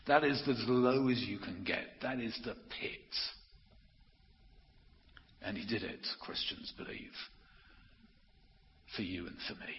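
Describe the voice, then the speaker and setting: A man preaching an earnest, emphatic sermon, slowing down to stress key phrases. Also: mid-range voice. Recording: muffled audio with long hall reverb.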